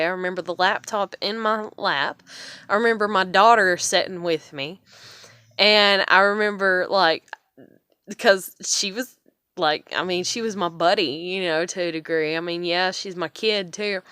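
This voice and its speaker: Low, smooth-voiced woman vlogger. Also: pushed and bright, no echo, clean studio sound. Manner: rambling, profane, with many fillers and restarts. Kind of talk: casual personal storytelling.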